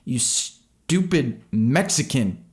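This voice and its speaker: A man's voice: medium pitch, very animated, drawn-out words, voice pushed up. A man voicing an enraged teenage boy who screams and snarls through his teeth. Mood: screaming rage.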